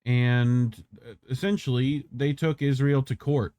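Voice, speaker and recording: A man's voice: mid-range voice, fairly even intonation, warm tone, no room sound. Guy on a podcast riffing casually, jokey asides, dry close sound. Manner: joking, quick asides, swears. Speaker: podcast co-host. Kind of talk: casual commentary.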